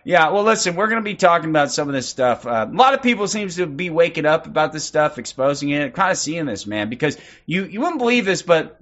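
A man hosting a livestream in loose, casual chat, reeling off quick shout-outs and swearing freely. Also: fairly high pitch, sing-song, dull audio. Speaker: livestream host.

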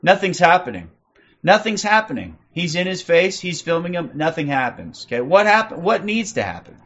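A man in his forties rants on a livestream in a fairly high voice. He is profane and combative and keeps punctuating his points with "okay?". The sound is muffled and lo-fi. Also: sing-song, normal speed, fairly bright tone. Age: 40s. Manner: profane, aggressive, repeats "okay?" constantly. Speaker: livestream host. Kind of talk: ranting livestream commentary.

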